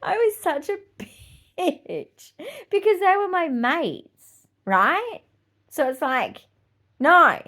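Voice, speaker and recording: A woman's voice: very high-pitched, big pitch swings, takes it slowly, fairly bright tone. A middle-aged woman with an Australian accent, hosting a podcast in casual chat, blunt, swearing freely and laughing often. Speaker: podcast host.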